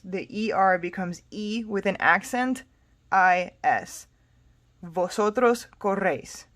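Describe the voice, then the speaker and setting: A woman from the United States teaching a casual spoken language lesson, explaining step by step in a patient, relaxed way with frequent fillers. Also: lowish voice. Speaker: Spanish tutor.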